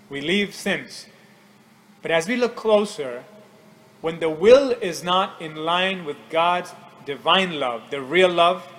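A man preaching a radio sermon in an earnest, measured way, often quoting scripture. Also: on the high side, fairly bright tone, poor audio.

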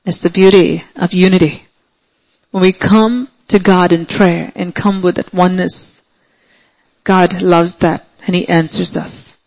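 A man preaching a sermon, emphatic, repeating key phrases and slowing down to stretch words for stress. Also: high voice, flat delivery, creaky, rough recording.

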